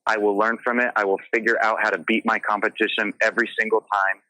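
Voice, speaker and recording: A man's voice: lowish voice, little pitch movement, fast talker, bright, forceful tone, no room sound, low-quality recording. A man speaking as a guest on an interview show, telling stories earnestly and passionately in a casual way. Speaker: guest, realtor.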